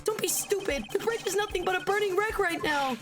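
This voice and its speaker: A woman reading the lines of a loud, excitable, goofy young man in a game. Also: very high voice, fairly quick, distant mic, voice pushed up. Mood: frantic. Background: game music.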